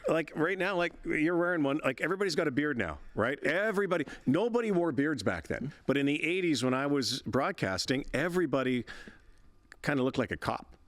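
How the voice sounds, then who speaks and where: A man's voice: a little high, lively intonation, brisk, a bit bright, dry recording. Chatty veteran male broadcaster, dry sound. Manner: chatty, rambling, laughs often, frequent restarts. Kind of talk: casual interview storytelling.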